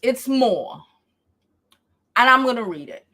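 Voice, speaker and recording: Woman, vlog commentary, slightly high voice, emphatic, exasperated, swearing freely. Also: expressive, unhurried, fairly bright tone. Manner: emphatic, profane, exasperated ranting. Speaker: commentary vlogger. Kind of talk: reactive commentary.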